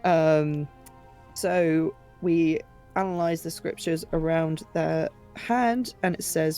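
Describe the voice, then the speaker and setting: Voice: mid-range voice, steady tone, slow pace, darkish tone, smooth, faint music behind. A player giving a casual recap of a tabletop game session, chatty and laughing, swearing freely.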